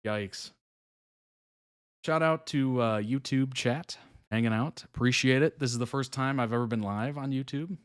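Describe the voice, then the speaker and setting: A clear, resonant mid-range voice at a moderate pace belongs to this live reaction stream host. Relaxed and chatty, he laughs often between remarks, reads viewers' comments out loud, and leans on soft laughs and fillers.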